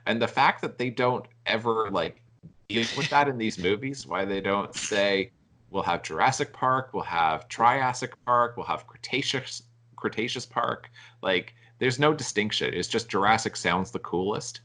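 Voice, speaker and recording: A man with a lowish, bright, forward voice hosts a casual podcast chat. He rambles, circling back with fillers and restarts as he works through a thought. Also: animated, a little slow. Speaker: podcast host.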